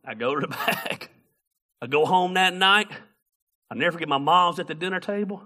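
A man preaching a sermon as a pastor, telling a story in an animated, humorous way. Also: sits high, moderate pace.

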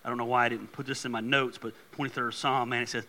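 A middle-aged male pastor preaching a sermon, an animated, joking storyteller who turns earnest. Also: medium pitch, fast talker, hardly any pauses.

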